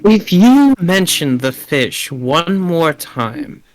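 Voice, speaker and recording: A man's voice: fairly high pitch, very animated, drawn-out words. A man playing in a tabletop game, joking with the others in casual banter. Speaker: player.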